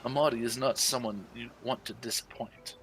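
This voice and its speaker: Gravelly-voiced man role-playing smoothly. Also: mid-range voice, fairly even intonation, moderate pace, a bit bright, slight background noise, poor audio. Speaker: player. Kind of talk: tabletop role-play, partly in character.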